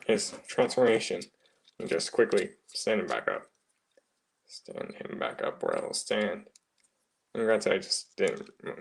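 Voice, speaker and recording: Low gravelly guy reviewing a toy, mumbly and soft. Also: a little hiss or hum. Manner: soft, mumbling, half-whispered asides.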